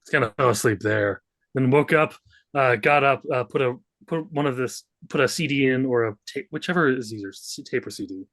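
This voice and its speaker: A man's voice: mid-range voice, brisk, fairly bright tone, dry recording. Casual man playing a tabletop game. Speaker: player.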